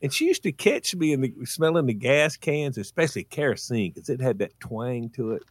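A man's voice: normal speed, breathy edge, dry recording. A man telling a childhood story in casual radio talk, acting out voices as he goes. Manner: animated, acts out his mother in a high voice.

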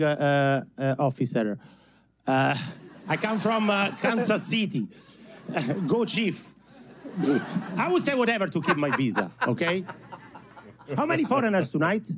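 A man from Italy with a strong Italian accent doing stand-up on a comedy club stage, animated and self-mocking, laughing at his own jokes. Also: sits high, a little hiss or hum.

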